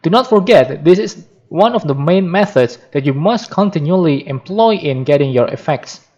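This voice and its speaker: A man with a fairly high voice reads a book aloud for practice, his pitch rising and falling in lively swings. He goes carefully, often stopping to restart and correct a word. The recording sounds dull and lo-fi. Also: normal speed. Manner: careful reading with frequent restarts and self-corrections. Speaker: reader practicing reading aloud.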